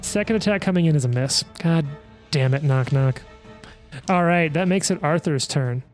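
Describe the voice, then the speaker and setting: A man running a tabletop game as game master, calling attacks and damage in a quick, auctioneer-like play-by-play. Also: fairly high pitch, faint music behind.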